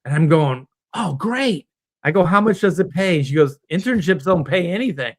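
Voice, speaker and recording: This man's voice is on the high side and fairly quick. A middle-aged comic book artist from Southern California, he's a guest on a panel stream, casually spinning a long anecdote over video call and acting out its characters.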